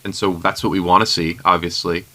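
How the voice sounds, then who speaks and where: A man's voice: deep voice, little pitch movement, brisk, pushed and bright. A man co-hosting a casual sports podcast, jokey with emphatic asides. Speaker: podcast co-host. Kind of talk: casual chat.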